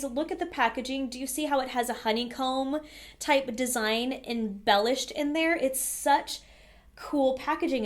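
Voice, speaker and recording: A woman talks straight to camera in a relaxed makeup review, her voice sitting a little high. She chats candidly, with plenty of fillers along the way. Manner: chatty, candid, frequent "um" and "like". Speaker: beauty vlogger reviewing makeup. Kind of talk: casual product review to camera.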